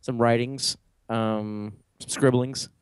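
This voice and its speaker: A man's voice: mid-range voice, little pitch movement, takes it slowly, slight background noise. A man co-hosting a casual podcast, jokey and rambling, riffing with his friends. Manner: jokey, rambling, slips into mock accents. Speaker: podcast co-host. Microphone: studio mic, live stream.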